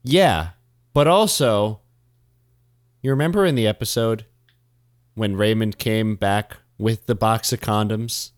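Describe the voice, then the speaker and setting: A man's voice: lowish voice, slow, pauses often, no echo, clean studio sound. A man co-hosting an improv comedy podcast, rambling earnestly into side topics in casual banter.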